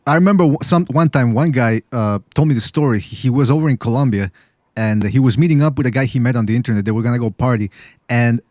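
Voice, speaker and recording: A man's voice: mid-range voice, fast, a little mellow, dry recording, clean studio sound. A man hosting a casual call-in show, telling loose, rambling stories and acting out the people in them. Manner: loose storyteller, acts out quoted people.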